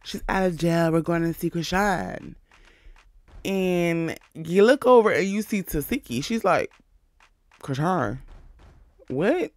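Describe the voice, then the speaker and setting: A man's voice: fairly high pitch, unhurried, no echo. A man casually recapping a reality show, bluntly and with jokes, acting out the cast members' lines. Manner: blunt, profane, joking asides.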